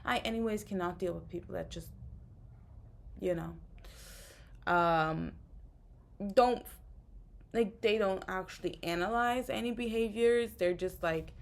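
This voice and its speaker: A woman's voice: medium pitch, measured pace, vocal fry, long pauses. A woman vlogger in a casual, rambling rant, sounding tired and frustrated. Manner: rambling, frustrated, many fillers. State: tired, exhausted. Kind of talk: casual spoken rant to camera.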